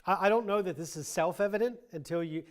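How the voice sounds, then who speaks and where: Higher-voiced man teaching a Bible class. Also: fast. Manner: thinking aloud with frequent restarts and dry asides. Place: church classroom.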